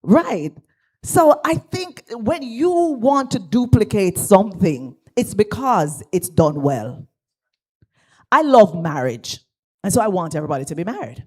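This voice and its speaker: A Jamaican woman pastor giving a lively speech at an awards ceremony in a church, drawing the audience into call and response. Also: medium pitch, a little slow. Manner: animated, engages the audience, asks for call and response. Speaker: guest speaker, pastor. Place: church hall.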